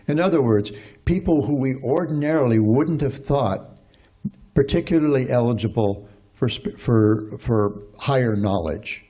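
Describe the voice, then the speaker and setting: A man's voice: on the low side, warm tone. A man giving a scripture class in a rambling, conversational way, with many fillers and restarts.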